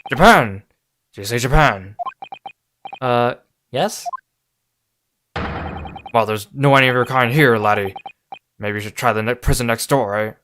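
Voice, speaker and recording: A man doing a loud, blustering prison governor. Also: medium pitch, unhurried, pauses often, a little hiss or hum, lightly acted. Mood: gruff hostile. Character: gruff hostile middle-aged male prison governor. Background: game music.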